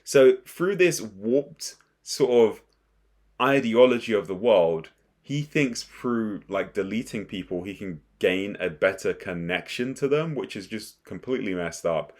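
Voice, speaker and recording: A young man casually recapping and reacting to an anime episode, rambling and excitable with frequent restarts. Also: on the low side, unhurried. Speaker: anime commentator.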